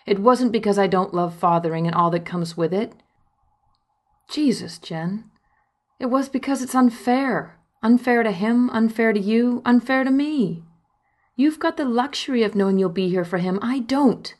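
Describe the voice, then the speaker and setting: A woman's voice: on the high side, moderate pace, a little mellow, pitched above the performer's own voice, natural voice. A woman reading the lines of a middle-aged man, an ill and tender father, in an earnest, pleading way in an audiobook memoir.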